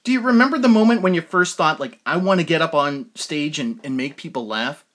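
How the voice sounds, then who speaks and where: A man hosting a podcast, earnest in tone and slow and careful when he spells things out. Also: a little high, fairly bright tone. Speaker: podcast host and novelist.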